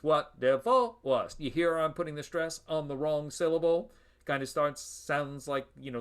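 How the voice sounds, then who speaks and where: A middle-aged man giving a classroom lecture, explaining step by step with emphasis and tapping out rhythms aloud. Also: medium pitch. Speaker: university lecturer.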